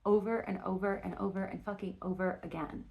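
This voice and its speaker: A woman's voice: medium pitch, steady tone, a little fast, gravelly, highs cut off, a little hiss or hum. A woman giving a casual spoken tarot reading, rambling and restarting her sentences, with frequent fillers and casual swearing. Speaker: tarot reader.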